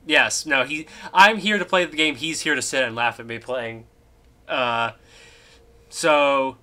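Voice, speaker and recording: A young man hosts a casual game stream, rambling through stories as he plays. He talks slowly, with a bright, forward tone, and laughs easily. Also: mid-range voice.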